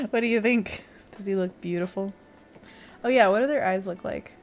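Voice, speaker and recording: A woman's voice: a little high, expressive, slow pace, a bit bright. A woman hosting a casual art livestream, chatting and giggling as she reads chat aloud and talks to herself while she draws.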